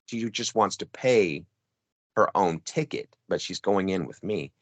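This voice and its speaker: A man's voice: low voice, animated, measured pace, fairly bright tone, dry recording. A middle-aged man hosting a casual chat, telling a story with many restarts and asides. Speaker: podcast co-host.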